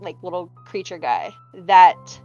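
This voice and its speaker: A woman's voice: on the low side, very animated, measured pace, a little mellow, lo-fi sound, soft background music. A young woman co-hosting a casual podcast, hesitant and full of likes and ums. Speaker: podcast co-host.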